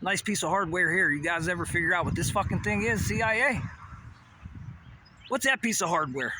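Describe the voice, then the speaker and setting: A man's voice: high-pitched, fairly quick, noisy background. A man delivering a rambling, profane, conspiratorial monologue, often asking rhetorical questions. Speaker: vlogger.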